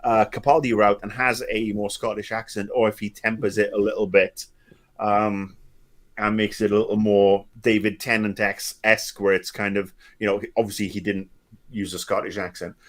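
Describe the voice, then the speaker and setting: A man's voice: fairly low pitch, flat delivery, moderate pace. A middle-aged man co-hosting a podcast, chatting casually with sarcastic jokes, plenty of fillers and restarts. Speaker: podcast co-host. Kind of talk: casual chat.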